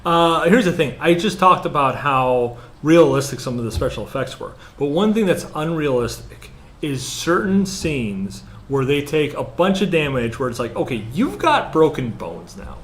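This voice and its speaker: A man co-hosting a casual movie review chat, rambling and hesitant with lots of fillers, then growing animated. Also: a little high, moderate pace. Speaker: podcast co-host.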